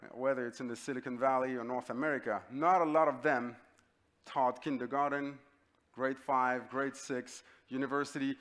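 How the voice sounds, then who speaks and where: A middle-aged man from North Africa gives a talk as a keynote speaker. He tells his story in an animated, conversational way, full of fillers and sudden rises. His voice sits a little high for a man.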